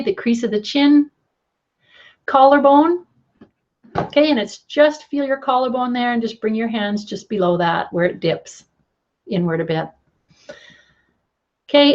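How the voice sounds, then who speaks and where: A middle-aged woman coach guiding a tapping lesson in a gentle, encouraging way, often checking in with "okay". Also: on the high side, muffled recording.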